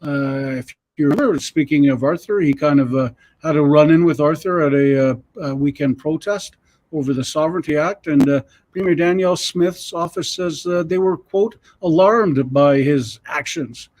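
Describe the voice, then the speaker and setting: A Canadian man, the show's news editor, gives a casual news update. His voice sits fairly high, and he speaks haltingly, pausing on many filler uhs. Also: darkish tone.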